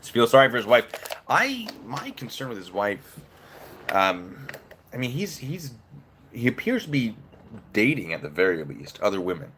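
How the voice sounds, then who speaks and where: A man's voice: medium pitch, huge pitch swings, moderate pace, a bit bright, slight background noise. A man giving opinionated, casual commentary on a legal case, breaking it down step by step while eating.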